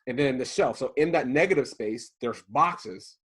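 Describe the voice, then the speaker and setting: A man in his thirties from Maryland telling a story in casual chat, acting out the quotes with lively jumps in his voice. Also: normal speed, husky. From Prince George's County, Maryland. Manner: animated, acts out quotes with big jumps in pitch. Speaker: podcast co-host telling a story.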